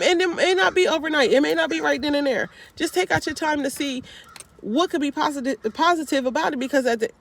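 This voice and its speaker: A woman vlogging from a parked car into a handheld phone, giving upbeat, repetitive, slangy encouragement. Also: sits high. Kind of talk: motivational casual talk to camera.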